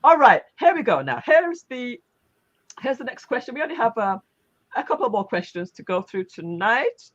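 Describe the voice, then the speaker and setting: A woman's voice: a little high, big pitch swings, normal speed, muffled recording. A woman hosting a live online talk show, chatting casually and heaping repeated praise on a guest with plenty of restarts and fillers. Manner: warm, repetitive praise with frequent restarts and fillers. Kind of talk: casual live-stream chat.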